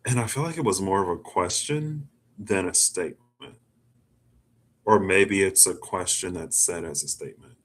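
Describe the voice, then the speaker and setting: Low-voiced guy doing his own tarot pull, chatty, wanders off on tangents. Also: moderate pace, a bit bright. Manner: musing, rambling, chatty with filler "like". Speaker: tarot reader. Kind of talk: casual self tarot reading.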